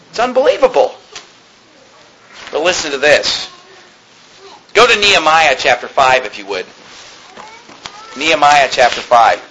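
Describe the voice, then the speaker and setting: A pastor preaching an emphatic sermon, reading scripture aloud and shouting rebukes. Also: male voice, mid-range voice, a little hiss or hum, low-quality recording. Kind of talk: fiery sermon.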